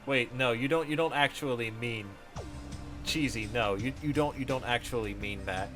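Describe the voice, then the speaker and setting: Live-streaming a game over background game music, a man chats casually, reads out viewer messages and often laughs and exclaims. His voice is mid-range and his pace moderate.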